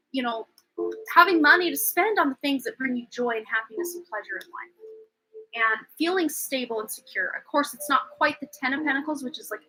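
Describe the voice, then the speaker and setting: Woman tarot reader on a live stream; high, sharp-toned voice, chatty, rambling, pokes fun at herself. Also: slightly rough, low-quality recording. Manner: chatty and rambling, often unsure; self-deprecating, laughs at herself.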